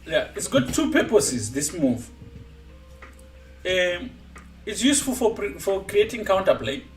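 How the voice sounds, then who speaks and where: Lively high-voiced man coaching chess. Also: a little slow, reverberant, distant mic, faint music behind. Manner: animated, laughs often while explaining. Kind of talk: live-streamed chess lesson.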